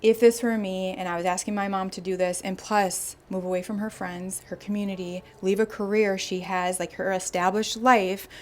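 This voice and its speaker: A young woman hosts a podcast in a casual, storytelling way. She is animated and chatty, and she slips into voices for the people she quotes. Her pitch is mid-range for a woman. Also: normal speed, few pauses. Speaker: podcast host.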